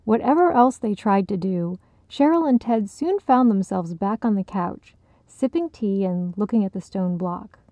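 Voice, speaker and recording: A woman narrating a short story in a measured, even way. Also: mid-range voice, no room sound. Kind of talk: audiobook narration.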